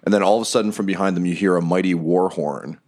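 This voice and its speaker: A man running a tabletop game as game master, narrating with a lot of laughter and sudden shouted character voices. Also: fast. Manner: animated, laughs often, bursts into shrill shouted creature and character voices.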